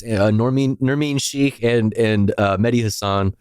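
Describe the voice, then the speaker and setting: Slow, laid-back male streamer. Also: mid-range voice, a little mellow, smooth, no room sound, studio quality. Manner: laid-back, swearing, trailing off, humming to himself. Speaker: livestream host. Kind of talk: casual stream chat, reading chat.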